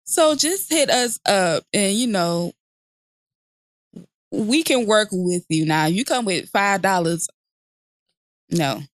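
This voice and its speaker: A woman's voice: mid-range voice, expressive, slow, pauses often, no echo. Blunt profane woman podcast host, dry sound. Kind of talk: casual podcast chat.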